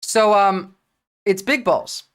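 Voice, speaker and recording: A blunt woman from New Jersey streams political commentary in a casual livestream, her voice sitting at medium pitch. She's profane and talks fast, in bursts full of restarts.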